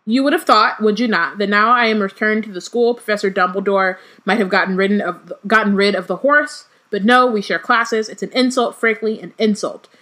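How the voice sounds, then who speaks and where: A woman's voice: mid-range voice, fairly quick, hardly any pauses, pushed and bright, lightly acted. Woman reading as a huffy old seer. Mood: indignant.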